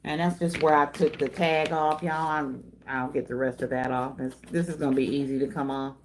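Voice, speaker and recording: Chatty woman, lowish voice. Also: fairly even intonation, brisk, a little hiss or hum. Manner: chatty, folksy, calls viewers y'all and darling. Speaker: craft channel host. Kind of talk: casual livestream chat reading comments.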